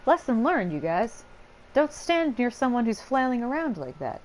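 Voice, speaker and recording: A woman's voice: a little high, big pitch swings, moderate pace, darkish tone. Young woman streaming a game, chatty, swears, talks to chat, bouncy voice, noisy background hiss. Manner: chatty and laughing, swears, reads chat aloud. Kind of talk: casual live-stream commentary.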